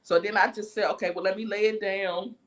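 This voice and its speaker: A woman's voice: medium pitch, a little fast. A woman hosting a livestream, telling a story in a casual, profane rant and acting out each voice in it. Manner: animated ranting, profane, acts out every voice in her story. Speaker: livestream host.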